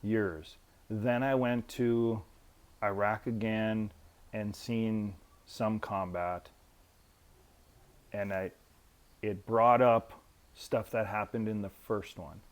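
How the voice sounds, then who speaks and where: A man in his fifties, a military veteran, telling stories in a profane, animated way and acting out quotes. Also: lowish voice, slow, pauses often. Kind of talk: casual storytelling.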